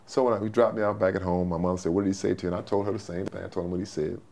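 A man's voice: low-pitched, steady tone, very fast, gravelly, darkish tone, a little hiss or hum. A man in his sixties, a former football player telling folksy stories as an interview guest. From Texas, USA. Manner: folksy, repetitive storyteller. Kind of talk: storytelling interview.

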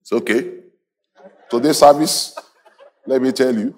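A man preaching a sermon as a pastor, animated, laughing often and calling on the congregation to repeat after him. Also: medium pitch, unhurried. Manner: animated preaching with call-and-response and frequent laughter.

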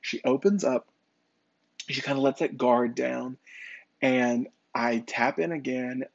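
A man's voice: mid-range voice, takes it slowly, creaky, no echo, dull audio. A man who works as a psychic medium, telling a personal story in a conversational way, with fillers and restarts.

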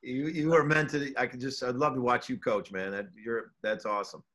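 An earnest middle-aged man talks casually in an interview, his voice sitting in an ordinary middle pitch. He often restarts sentences and repeats words as he works out what he means. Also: steady tone, a little fast, fairly bright tone, slight background noise. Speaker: college basketball coach.

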